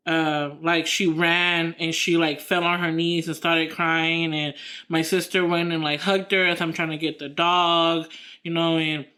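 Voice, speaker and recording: A woman's voice: low voice, little pitch movement, a little slow, bright, forceful tone. A woman co-hosting a podcast in casual chat, rambling through her story with lots of fillers and restarts. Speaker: podcast co-host.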